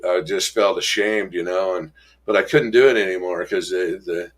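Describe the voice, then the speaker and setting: A middle-aged man telling a personal recovery story, halting and emotional, with many restarts and trailing pauses, raising his voice when he acts out quoted people. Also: deep voice.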